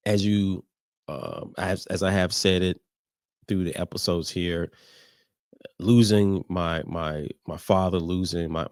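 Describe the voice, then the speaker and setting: A middle-aged man with a very low voice talks through a personal, reflective leadership message, often stopping and restarting his phrases. The sound is close and dry, with no room echo. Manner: halting, personal, with many restarts and fillers. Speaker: podcast host. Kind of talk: reflective faith-based leadership talk.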